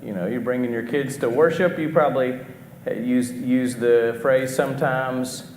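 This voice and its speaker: In an echoey church auditorium with faint background hiss, a middle-aged preacher gives a conversational sermon at an ordinary pitch, often restarting phrases and putting questions to the congregation. His tone is steady and darkish, and he speaks a little slowly.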